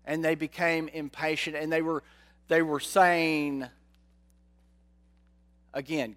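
A man preaching a sermon, slow and dramatic, often asking his listeners rhetorical questions. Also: a little high, steady tone.

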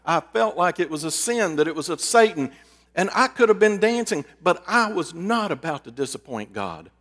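A male pastor preaching a sermon, telling folksy, animated stories. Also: on the high side. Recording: long reverb of a large hall.

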